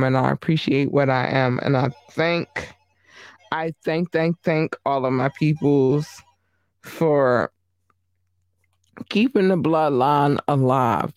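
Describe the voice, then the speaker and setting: Man, casual vlog talk, emphatic, slightly high voice, slow delivery, dry close sound. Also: no echo. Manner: animated, emphatic, repeats himself.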